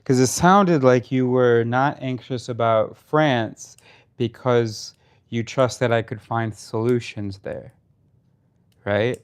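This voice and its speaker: A man's voice: medium pitch, takes it slowly, smooth. A man arguing with his partner in a casual conversation, pressing his points in a sarcastic, challenging way. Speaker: partner in a debate. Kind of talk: casual argument between partners.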